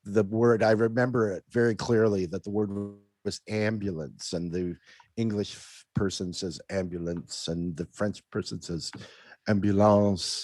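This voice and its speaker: A man's voice: fairly low pitch, darkish tone, no echo. A man co-hosting a casual political talk podcast, enthusiastic and rambling, often checking in with "right?". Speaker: podcast co-host. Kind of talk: casual political commentary chat.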